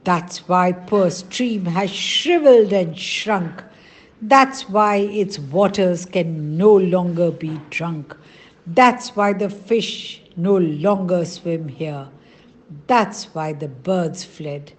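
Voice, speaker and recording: A woman's voice: on the low side, takes it slowly. A woman voicing a wise, mournful old female crow in a storybook reading, lamenting and pleading.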